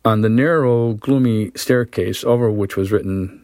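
Literature teacher reading a story aloud and explaining it, low voice, dry close sound. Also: male voice, no room sound. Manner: measured, steady reading; plain explaining with fillers.

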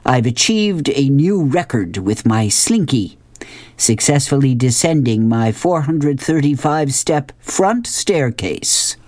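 A woman's voice: rumbling low, expressive, takes it slowly, a little mellow, dry recording, heavily acted. A woman doing a pompous cartoon king. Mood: boastful. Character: pompous little comic-strip king.

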